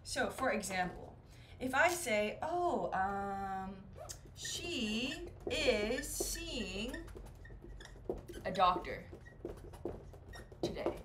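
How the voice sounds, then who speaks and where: A woman's voice: on the high side, fairly bright tone, a little hiss or hum. A woman teaching a beginner English lesson, playful and acting out little example dialogues.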